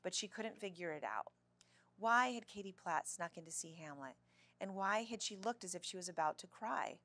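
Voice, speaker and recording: A woman reading a children's novel aloud in an expressive storybook way. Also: fairly low pitch, normal speed.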